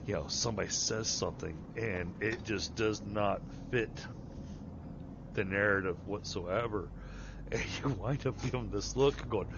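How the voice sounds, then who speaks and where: A man chats casually while he plays, rambling, restarting sentences and poking fun at himself. His voice comes through a dull, lo-fi mic with steady noise behind it. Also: fairly low pitch, unhurried, vocal fry. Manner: self-deprecating, rambling with restarts. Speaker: streamer and project manager. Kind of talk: casual chat while gaming.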